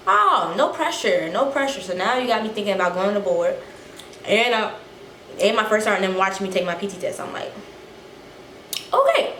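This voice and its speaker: A young woman telling a casual story to her vlog viewers, animated and a little out of breath, acting out the quotes. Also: fairly low pitch. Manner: animated, acts out quotes, swears freely. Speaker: vlogger. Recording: echoey room, faint noise.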